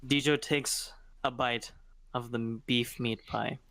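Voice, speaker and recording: A man's voice: medium pitch, steady tone, unhurried, creaky, bright, forceful tone, no echo. A man playing a tabletop game, speaking politely and hesitantly with stammers. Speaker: player. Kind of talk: tabletop role-play.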